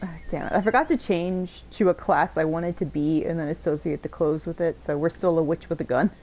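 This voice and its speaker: A woman's voice: low-pitched, a little fast, mellow, faint music behind, poor audio. A woman casually commenting while she plays a video game, playful and cheeky, swearing freely. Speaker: gamer recording a let's play.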